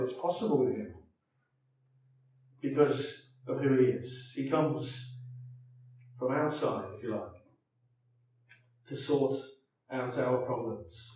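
A man's voice: medium pitch, takes it slowly, pauses often, a little mellow, far from the mic. A man preaching a sermon in a conversational way, often adding tag questions and restarting his phrases. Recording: echoey hall, voice from off mic.

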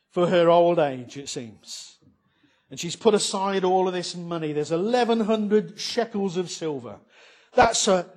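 A man preaching a sermon, conversational and emphatic, with frequent rhetorical questions. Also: high voice.

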